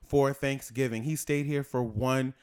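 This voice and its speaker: A man's voice: mid-range voice, steady tone, a little slow, a little mellow, clean tone. Young guy cohosting a chat, loose and rambly, says like a lot. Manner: rambling, many "like" fillers. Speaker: co-host. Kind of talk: casual chat.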